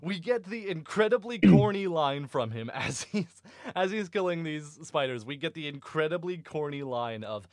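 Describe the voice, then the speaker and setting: A man hosting a casual book podcast, animated and swearing freely, often breaking into laughter. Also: fairly high pitch, normal speed, no room sound, clean studio sound. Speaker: podcast host.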